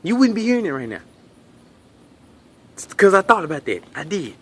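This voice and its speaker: A male comedian telling a story with a high voice that swoops up and down all the time. His delivery is animated and full of profanity. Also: normal speed, breathy edge.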